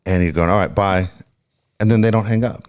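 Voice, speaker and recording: A man's voice: on the low side, steady tone, brisk, clear, resonant tone. A man in his fifties chatting casually, telling stories animatedly and acting out both sides of his phone calls. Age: 50s. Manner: swears freely. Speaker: podcast co-host. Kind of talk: casual storytelling chat.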